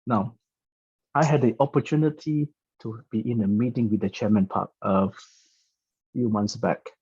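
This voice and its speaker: A man's voice: fairly low pitch, steady tone, moderate pace, darkish tone, breathy edge, no echo, muffled recording. A man giving a storytelling business talk in a chatty way, often stammering and repeating words. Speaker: business presenter.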